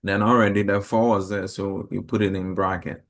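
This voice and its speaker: A man with a lowish voice leads a classroom math lesson. He explains each step plainly and keeps asking the class questions. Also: flat delivery, moderate pace. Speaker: teacher.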